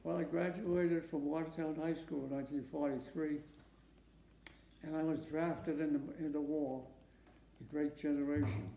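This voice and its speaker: A man in his nineties from Massachusetts, a war veteran giving an oral history interview at home, who speaks haltingly, repeats words and often asks for questions again. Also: a little high, fairly even intonation, gravelly, dark tone, a little hiss or hum. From Massachusetts, USA. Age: 90s. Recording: echoey room.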